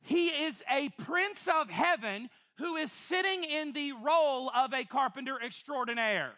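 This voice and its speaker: High, bright, animated woman preaching. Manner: animated, playful preaching with quick asides and laughter. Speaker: pastor. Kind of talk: sermon. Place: church before a congregation.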